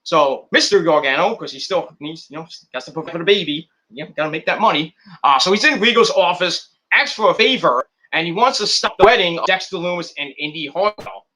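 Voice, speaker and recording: Animated, crude-joking man reviewing wrestling. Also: fairly high pitch, brisk, few pauses. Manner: rambling, crude jokes, profane. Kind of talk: casual recap vlog.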